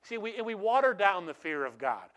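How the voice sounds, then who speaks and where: A man preaching a sermon, telling stories with animated swings from hushed to loud and frequent restarts. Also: high voice, a little fast. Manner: repeats and restarts phrases. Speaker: pastor.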